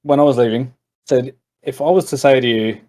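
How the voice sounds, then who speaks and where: A male podcast host talks in a relaxed, reflective way, agreeing readily and adding his own thoughts. His voice sits at a middling pitch for a man. The delivery is casual and unforced. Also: brisk. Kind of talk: casual chat.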